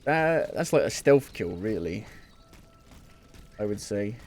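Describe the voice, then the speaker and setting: A man's voice: on the low side, big pitch swings, slow, darkish tone. A man giving casual, jokey live commentary while playing a video game, often muttering to himself. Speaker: gameplay streamer.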